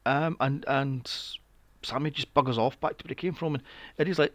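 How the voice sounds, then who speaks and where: A man's voice: mid-range voice, fairly quick, a bit bright, no room sound, dull audio. A young man recapping a film on a podcast, sarcastic and swearing freely with mocking asides. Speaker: podcast co-host. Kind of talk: casual movie recap chat.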